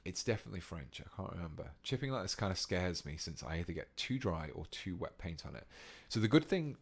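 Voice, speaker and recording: A man's voice: deep voice, a little fast, gravelly, breathy edge. A British man giving a casual painting tutorial on a live stream, chatting with viewers as he works. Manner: relaxed and chatty, reading out viewer comments.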